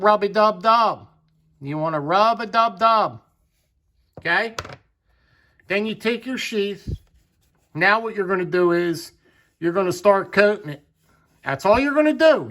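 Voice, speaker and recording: A man with a rather high voice walks through a hands-on demonstration. His talk is folksy and unpolished, and he says words twice or three times to drive a point home. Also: fairly bright tone. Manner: folksy, repeats words for emphasis. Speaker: knife channel host.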